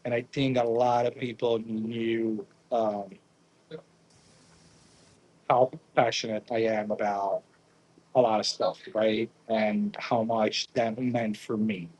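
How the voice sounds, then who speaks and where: A man's voice: fairly low pitch, takes it slowly, rough recording. A young man from the Naples area, a pizza chef guest, telling a story in a casual interview, acting out quotes and tagging lines with "right?". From Naples area, Italy. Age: young adult. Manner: animated, acts out quotes, frequent "right?" tags.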